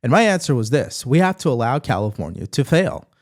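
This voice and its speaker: A man's voice: medium pitch, sing-song, brisk, darkish tone. A man hosting a political commentary show, giving blunt opinions and reacting to clips and viewer comments.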